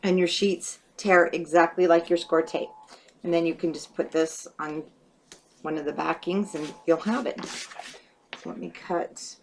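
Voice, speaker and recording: A woman's voice: lowish voice, steady tone, a little slow, a little hiss or hum. A woman casually talking through a paper craft project step by step, thinking aloud as she works. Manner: chatty, thinks aloud while working. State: hiccups. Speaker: craft tutorial host.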